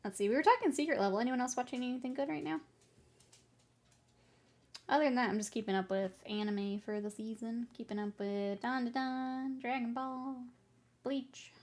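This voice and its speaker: This streamer's voice is fairly high, a little mellow and a little fast as she paints miniatures and talks casually with her audience. She's playful and self-mocking, drifting from topic to topic and breaking into giggles now and then.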